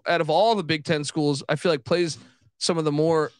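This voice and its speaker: A man's voice: a little high, steady tone, normal speed, clear, resonant tone, no room sound, clean studio sound. A man hosting a casual sports chat who rants, swears and gets worked up. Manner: ranting, profane, gets worked up. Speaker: podcast host.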